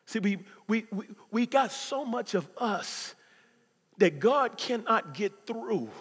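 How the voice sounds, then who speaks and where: A man in his fifties preaching a sermon as pastor, swinging from loud preaching to hushed near-whispers. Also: high voice, expressive, slow, breathy edge. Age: 50s. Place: church sanctuary. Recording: long hall reverb.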